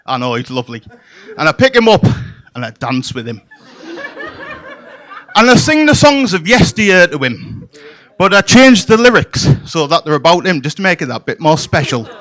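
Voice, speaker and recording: A man performs stand-up on a comedy club stage, bawdy and playful, throwing deadpan asides at the crowd. His voice sits high and swings widely in pitch as he talks. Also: moderate pace.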